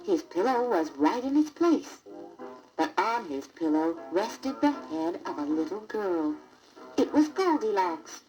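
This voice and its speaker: A woman narrating a children's storybook record in a deliberate, expressive read-aloud manner. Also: mid-range voice, faint music behind, low-quality recording.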